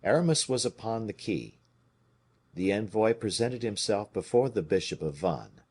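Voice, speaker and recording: A man reading a classic novel aloud as an audiobook narrator, in a lively, expressive way. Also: fairly low pitch, moderate pace, husky. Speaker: audiobook reader.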